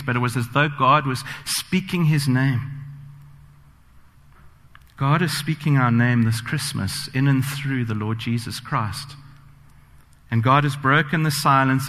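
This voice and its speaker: A man's voice: mid-range voice, a bit bright. A man preaching a sermon, earnest and personal, telling stories with frequent fillers. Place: church sanctuary. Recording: long church reverb.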